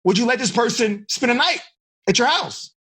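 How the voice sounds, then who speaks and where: A man's voice: extremely high pitch, expressive, moderate pace, bright, forceful tone, breathy edge. A man teaching teenagers as a life coach, speaking animatedly over a video call and asking the group frequent questions.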